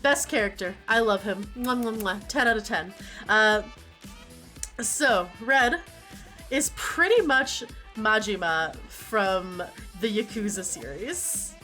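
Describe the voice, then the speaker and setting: Woman streaming, bright voice going up and down a lot, laughs and swears, soft music behind. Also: mid-range voice, slow. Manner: animated, laughing often, casual swearing. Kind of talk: casual stream chat.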